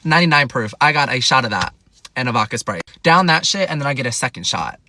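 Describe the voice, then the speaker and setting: Animated young man telling a story. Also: fast, a little hiss or hum. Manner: animated, swears freely, jumps in pitch for emphasis. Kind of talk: casual storytime monologue.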